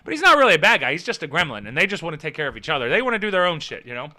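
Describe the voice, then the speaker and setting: Man, live-stream chat, excitable, profane, laughing retelling, high pitch, sharp tone. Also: rapid-fire. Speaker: streamer recapping a film.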